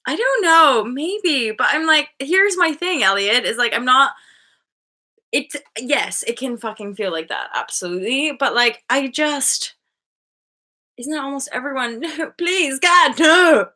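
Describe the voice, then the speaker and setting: A woman's voice: high-pitched, lively intonation, a little slow, sharp tone. A woman in her thirties hosting a casual live-stream chat, bubbly and laughing often, swearing freely and acting out voices as she tells stories. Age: 30s. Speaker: host.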